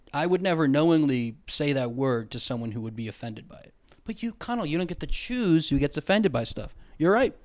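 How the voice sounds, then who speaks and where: A young man hosting a comedy podcast, ranting in a profane, rambling, sarcastic way, speaking into a mic with headphones on. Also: mid-range voice. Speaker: podcast host. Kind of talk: comedic rant. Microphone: headphones and studio mic.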